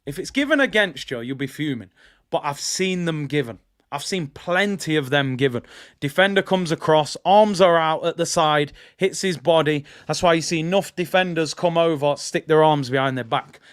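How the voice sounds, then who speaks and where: A young man hosting a football watch-along, talking casually and animatedly, repeating himself as he argues his point. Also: on the high side. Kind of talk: casual live match commentary.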